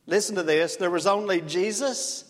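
Man, pastor, sermon, earnest, conversational storyteller, high voice, long church reverb. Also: moderate pace.

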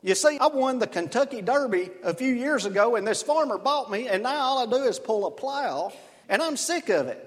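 A man voicing a fed-up male talking racehorse with a wheedling sales pitch, in a long-reverb hall. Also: animated, moderate pace. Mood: scheming.

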